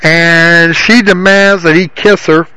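A man's voice: on the high side, fairly even intonation, slow pace, sharp tone, clear, resonant tone, no echo, low-quality recording. A male radio host rambling in casual talk and reading a comic story aloud. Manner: rambling, repeating himself.

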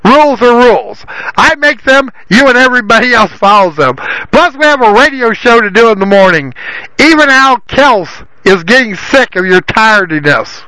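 A man voicing a decrepit but loud old father who scolds his son. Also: very high-pitched, lively intonation, moderate pace, no room sound, full character voice, low-quality recording. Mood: scolding. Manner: bellowing, scolding.

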